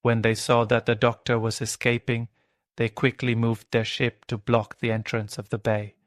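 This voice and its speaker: Male audiobook narrator, mid-pitched, clear and even delivery for learners. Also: moderate pace. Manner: clear, steady reading. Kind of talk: scripted narration for English learners.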